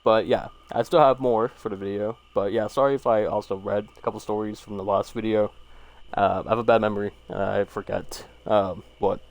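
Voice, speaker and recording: A man's voice: on the low side, fairly even intonation, brisk. A man casually reading short horror stories aloud and rambling about each one, with lots of fillers and swearing. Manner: rambling, laid-back, swears, frequent fillers.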